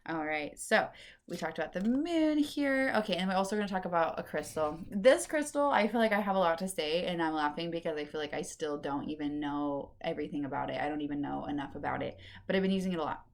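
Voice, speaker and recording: Chatty woman with a lowish voice. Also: fast talker. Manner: chatty and meandering, with many fillers. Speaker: podcast host and intuitive reader. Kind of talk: casual solo podcast talk on spirituality.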